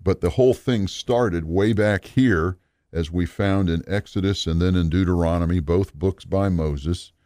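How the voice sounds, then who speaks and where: A man teaching a recorded Bible lesson in an earnest, measured, explanatory way. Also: deep voice, mellow, dry recording, studio quality.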